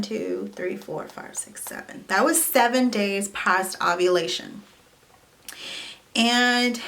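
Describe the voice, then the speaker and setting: A young female vlogger tells a personal story straight to the camera in a casual video. Her mid-range voice is animated and full of "like" and "you know."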